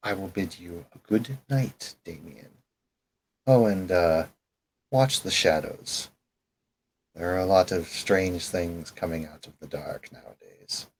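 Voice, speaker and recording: A man voicing a suave, formal male vampire fixer in a tabletop role-play, speaking in a courtly, measured way. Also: low-pitched, slight background noise, poor audio.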